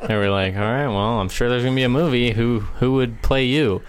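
A man's voice: medium pitch, a little fast, a crowd in the background. A man co-hosting a podcast in casual chat, easygoing and amused as he retells things. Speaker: podcast co-host.

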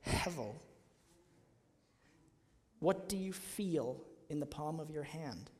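A man's voice: fairly high pitch, a little slow, dark tone. A man preaching a sermon to his congregation, asking his listeners emphatic rhetorical questions. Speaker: pastor. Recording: long hall reverb.

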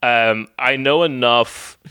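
Chatty guy, bright dry voice. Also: medium pitch, slow pace, clear, resonant tone, dry recording. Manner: rambling, frequent fillers and restarts, swearing. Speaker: podcast guest. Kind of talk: casual podcast chat.

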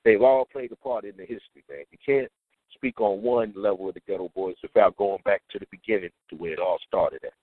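A man's voice: on the low side, steady tone, a little fast, dry recording. Laid-back New man on a phone line. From Trenton, New Jersey. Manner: laid-back, often adds "you know what I'm saying" and "man". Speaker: DJ, interview guest. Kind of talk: casual interview chat. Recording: tinny phone-like dry line.

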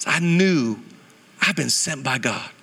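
Man, 30s, pastor, church sermon, high voice, animated, joking, calls for responses. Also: takes it slowly, gravelly, a little hiss or hum. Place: church service.

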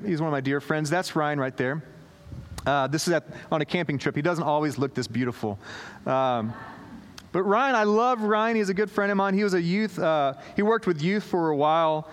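Male pastor, sermon storytelling, somewhat high voice, long reverb. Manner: animated, acts out quoted voices, many fillers and restarts.

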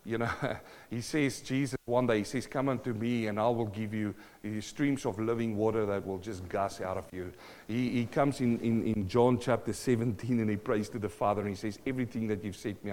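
This preaching man's voice sits on the low side, with slight background noise under the long hall reverb. As a pastor giving a sermon, he preaches with animation, repeats phrases, and laughs between his points.

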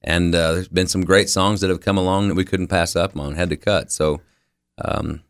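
Laid-back low-voiced country singer. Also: male voice, fairly even intonation, moderate pace, clear, resonant tone. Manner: laid-back storytelling, laughs often, many fillers. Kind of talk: radio interview.

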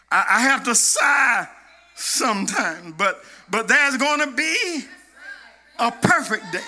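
A high-pitched man in a slow, drawn-out chant, his voice very bright and ringing. He swings between shouting and half-singing, pulling the congregation along in call-and-response, with music softly behind him. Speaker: preacher. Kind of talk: chanted gospel sermon.

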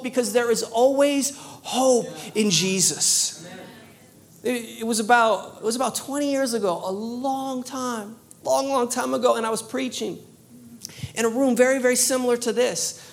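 A woman preaching a sermon, telling a story with lively animation, often repeating words and restarting. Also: fairly high pitch. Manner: animated storytelling, laughing at herself.

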